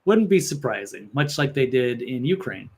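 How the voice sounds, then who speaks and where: A man's voice: medium pitch, very animated, moderate pace, vocal fry, slightly rough. A male guest in casual political chat on a talk show, speaking in a hesitant, matter-of-fact way with many fillers.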